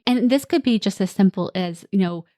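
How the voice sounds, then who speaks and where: A woman's voice: mid-range voice, a little fast, warm tone, dry recording, studio quality. A woman hosting a parenting podcast, speaking as a coach in a reassuring, direct way and now and then acting out what kids and parents say. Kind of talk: solo podcast talk.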